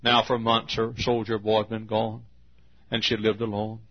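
Texas preacher guy in his 50s, low gravelly voice, earnest slow storytelling, muffled old recording. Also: monotone. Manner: earnest, drawn-out storytelling with emotional swells. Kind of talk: storytelling sermon. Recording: dull lo-fi sermon recording.

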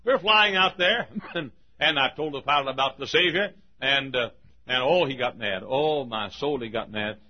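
An older man from Texas, a pastor, telling folksy sermon anecdotes with frequent chuckles and loud acted-out quotes. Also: medium pitch, normal speed, dull audio. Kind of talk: sermon storytelling.

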